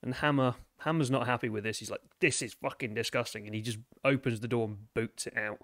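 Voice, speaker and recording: A man running a tabletop game as game master, describing scenes in a halting, detailed way. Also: mid-range voice, steady tone, dry recording, clean studio sound.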